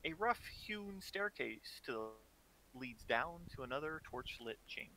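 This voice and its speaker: A man's voice: mid-range voice, sing-song, measured pace, pushed and bright, slight background noise. A man narrating as dungeon master of a tabletop game, describing scenes and running combat.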